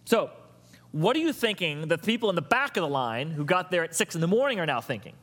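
A man preaching a sermon as pastor, lively and conversational, throwing questions and asides to the congregation. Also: a little high, fast, slightly rough. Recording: long reverb of a large hall.

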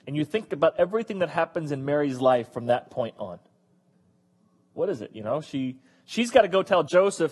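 A man's voice: fairly high pitch, fairly quick, breathy edge, in a large hall. A man preaching a sermon in a conversational, joking way. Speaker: pastor.

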